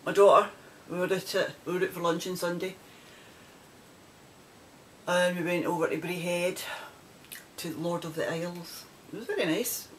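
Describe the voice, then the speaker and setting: A middle-aged woman with a Scottish accent talks to camera in a loose, rambling way and laughs easily. She sounds like she is recording at home. A faint low rumble hums under her voice. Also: normal speed, pauses often, rough recording. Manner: chatty, rambling, laughs often. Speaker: knitting podcaster. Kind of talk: casual chat to camera.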